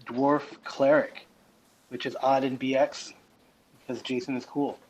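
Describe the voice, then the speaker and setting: A man's voice: mid-range voice, little pitch movement, measured pace, rough recording. A man playing a tabletop game, speaking in a dry, wry way. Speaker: player. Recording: audible background noise.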